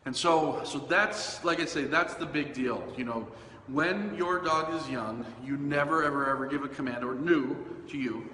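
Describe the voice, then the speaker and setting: A man with a somewhat high, forceful voice hosts a casual solo podcast about dog training. He talks loosely and conversationally, often restarting sentences and filling pauses. The recording has a long, roomy reverb and a faint hiss behind it. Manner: conversational, loose, with fillers and self-corrections.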